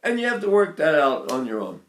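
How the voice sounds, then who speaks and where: A man's voice: a little high, big pitch swings, a little fast, roomy sound. A man in his eighties giving an informal voice lesson, rambling a little and breaking into short sung demonstrations. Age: 80s. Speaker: voice teacher.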